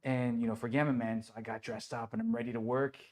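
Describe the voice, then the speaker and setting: Animated man telling stories, laughing often. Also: mid-range voice, quick pace. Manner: animated storyteller who acts out quotes and laughs often. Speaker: voice actor guest. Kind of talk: casual interview chat. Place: indoors at a toy company office.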